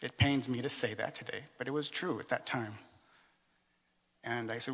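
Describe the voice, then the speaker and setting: A man from California telling his life story in a reflective, earnest way, with many fillers and pauses. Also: mid-range voice, fairly even intonation, a bit bright, breathy edge, long reverb tail. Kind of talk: personal storytelling.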